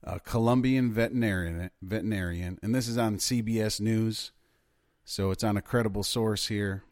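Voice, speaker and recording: A man's voice: fairly low pitch, steady tone, normal speed, darkish tone, no room sound, studio quality. A man co-hosting a podcast, chatting loosely about news stories, swearing and laughing often. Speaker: podcast co-host. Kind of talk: casual news chat.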